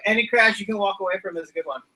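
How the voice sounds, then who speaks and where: A man trading quick, joking banter in an improvised stage comedy show. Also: high voice, sharp tone, far from the mic, low-quality recording. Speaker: comedy performer.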